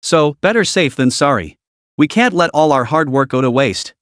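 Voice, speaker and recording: Cast: eager young disciple read by a man, earnest, hushed, slightly high voice. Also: lively intonation, normal speed, dry recording, studio quality. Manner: earnest, secretive.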